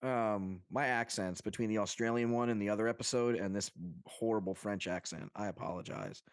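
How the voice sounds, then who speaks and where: A man co-hosting a podcast from Long Island, New York, talking in a casual chat that is excitable and rambling, with casual swearing. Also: lowish voice, a little fast, no echo, studio quality. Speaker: podcast co-host.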